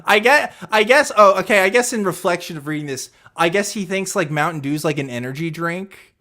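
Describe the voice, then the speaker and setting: Male podcast co-host, pitched a bit high, swears and scoffs while reading a transcript aloud. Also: a little fast, pushed and bright. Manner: profane, mocking, laughs between lines.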